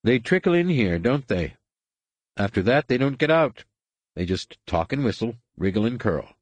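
A man putting on a deranged, crippled alien master, imperious and erratic, barking commands with a raised, louder voice than his usual low one. The tone is husky and dry, lurching between detachment and screeches, as in a storybook reading. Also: sing-song, normal speed, no room sound. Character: mad, crippled, sneering male alien master.

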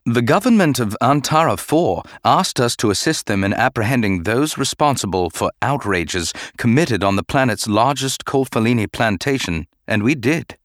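A man reading an audiobook voices a troubled male Jedi knight who speaks in a calm, restrained and formal way. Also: mid-range voice, moderate pace, few pauses, dry recording, studio quality, voice pushed up, lightly acted.

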